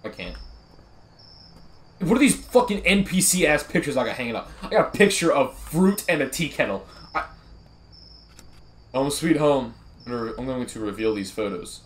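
Profane, jumpy young gamer. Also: male voice, medium pitch, expressive, normal speed, pauses often. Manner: profane, jittery, nervously joking. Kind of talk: horror game let's play commentary.

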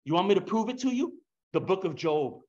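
A man with a high voice preaches a fervent sermon. He swings from hushed lines to loud bursts, peppers the congregation with rhetorical questions and slips into casual slang. The recording sounds dull and lo-fi. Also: very animated, fairly quick.

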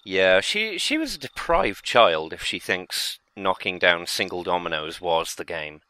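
A man's voice: sits low, expressive, unhurried, bright, forceful tone. A man joining as a guest on a game playthrough, chatting and explaining things in a matter-of-fact way. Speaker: co-commentator guest. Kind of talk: casual gameplay chat. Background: game music.

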